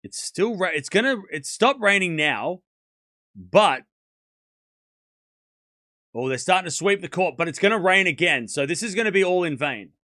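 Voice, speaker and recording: A man's voice: sits high, expressive, normal speed, pauses often, bright, forceful tone, no room sound. Casual male tennis streamer, dry close sound. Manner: chatty, talks to chat, laughs often. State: sore throat. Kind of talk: casual live-stream chat.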